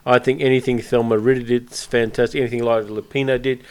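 A man's voice: mid-range voice, flat delivery, fast, smooth. A man hosting a podcast in casual film chat, blunt and opinionated, swearing freely as he argues. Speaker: podcast host.

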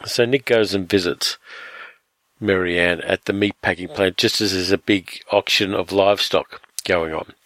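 A man reviewing a film in casual commentary, relaxed and retelling the plot with fillers. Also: deep voice, no room sound.

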